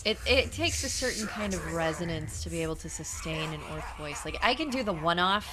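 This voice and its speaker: A woman's voice: on the low side, animated, brisk. A woman with a Californian accent, chatting casually on her gaming stream and laughing often. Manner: laughs often, drawn out speech. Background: music.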